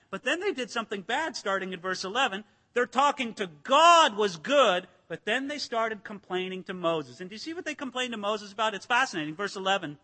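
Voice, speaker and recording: High, bright-voiced preaching man. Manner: emphatic, dramatic, acts out quotes, rises to shouts. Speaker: pastor. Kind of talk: expository sermon. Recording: long hall reverb.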